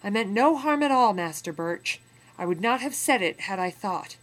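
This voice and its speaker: A woman's voice: mid-range voice, expressive, moderate pace, fairly bright tone, voice pushed up. A woman voicing a captured free man who pleads earnestly in a read-aloud memoir. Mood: pleading.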